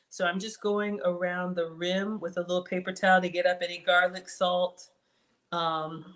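A woman chatting through a live cooking stream from her home kitchen, reading viewers' comments aloud and talking to them by name. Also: fairly low pitch. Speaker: cooking channel host.

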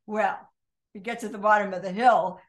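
An older woman co-hosting a podcast, telling a childhood story in a lively, laughing way. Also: medium pitch, fast. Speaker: podcast co-host. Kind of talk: storytelling chat.

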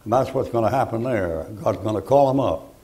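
A man's voice: lowish voice, lively intonation, fairly quick, warm tone, low-quality recording. An older man preaching a fiery sermon in a folksy, blunt, emphatic way. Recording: archival sermon recording.

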